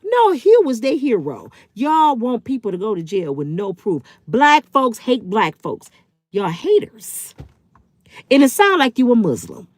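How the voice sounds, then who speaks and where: A woman in her fifties talks straight to her live-stream chat, blunt, heated and swearing. Her voice sits a little high and swings widely in pitch. The sound is dry and close. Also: wildly swooping pitch, measured pace, darkish tone, dry recording. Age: 50s. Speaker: channel host.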